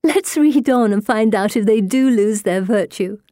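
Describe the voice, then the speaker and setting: A woman's voice: mid-range voice, moderate pace, mellow, no room sound, studio quality, lightly acted. A woman voicing a dreamy, eager young woman who speaks with wistful, breathless enthusiasm. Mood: giggly.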